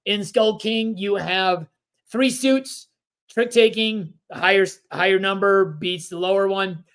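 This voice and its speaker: A man co-hosting a casual board game podcast, explaining rules in a relaxed, rambling way with plenty of fillers. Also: high voice, measured pace. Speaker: podcast co-host.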